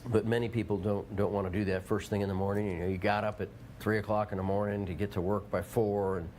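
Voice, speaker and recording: A man's voice: fairly low pitch, flat delivery, quick pace, a little mellow, slight background noise. A man hosting a local TV show, rambling and joking in casual chat and slipping into playful put-on voices. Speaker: TV show host.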